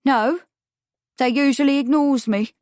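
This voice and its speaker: A woman's voice: expressive, normal speed, no room sound, clean studio sound. A woman voicing a grudging working-class London witness in an audiobook. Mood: sniffy. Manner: grudging, ungrammatical, high and loud.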